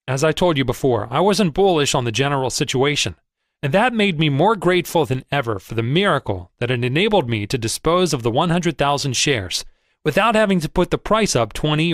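Male narrator for a first-person audiobook, expressive and measured, lively pitch, dry booth sound. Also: no echo.

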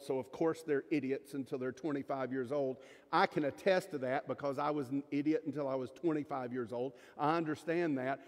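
A middle-aged male pastor delivers a sermon, his high voice carrying out into a church sanctuary. He preaches in a folksy, emphatic way, dropping jokes and asides to the people in the pews. A long reverb from the hall rings behind his words. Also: darkish tone.

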